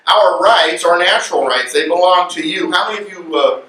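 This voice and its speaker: High-voiced man lecturing in an echoey hall. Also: fairly quick. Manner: animated, joking and conversational. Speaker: guest speaker. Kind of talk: lecture to an audience. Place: luncheon event room. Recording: echoey room from far off, faint noise.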